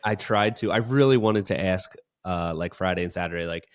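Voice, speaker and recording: A man with a low voice speaks briskly, co-hosting a casual business podcast. His chat is enthusiastic and full of praise, wandering from point to point.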